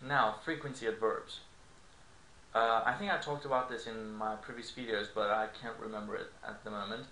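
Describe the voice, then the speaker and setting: A man's voice: fairly low pitch, steady tone, moderate pace, pushed and bright. Man teaching a language lesson, echoey room. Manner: explanatory, frequent "okay?" and "you know". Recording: echoey room with faint noise.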